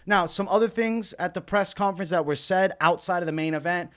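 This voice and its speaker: Excitable, profane young man reacting to MMA. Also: high voice, fairly quick. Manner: excitable, profane, bursts into shouting. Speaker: MMA reaction video host. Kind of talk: casual reaction commentary.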